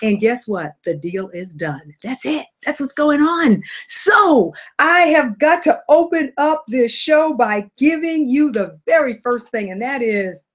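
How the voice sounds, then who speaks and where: A woman hosting a live money broadcast, upbeat and energetic, repeating phrases for emphasis and greeting viewers by name. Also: sits high, measured pace, hardly any pauses. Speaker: host of a live wealth broadcast. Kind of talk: upbeat live-stream talk.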